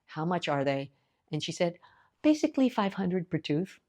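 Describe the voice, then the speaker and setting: Woman, fifties, from the US, lowish voice, chatty, casual storytelling to camera, acts out dialogue. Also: big pitch swings, moderate pace, darkish tone. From United States. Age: 50s. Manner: chatty, acts out both sides of conversations. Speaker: lifestyle vlogger. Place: India.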